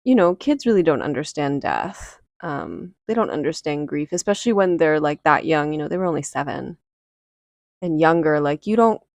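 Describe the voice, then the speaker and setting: A woman's voice: sits low, very animated, moderate pace, vocal fry, a little mellow, dry recording. A woman hosting a podcast, telling a personal story in a casual, emotional and reflective way, with many fillers. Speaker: podcast host.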